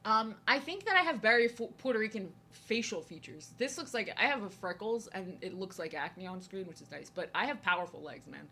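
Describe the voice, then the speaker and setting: Bright-voiced chatty young woman. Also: medium pitch, animated, brisk, few pauses, slight background noise. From New Jersey. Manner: chatty, rambling, repeats herself. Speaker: art streamer. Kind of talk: casual chat while drawing.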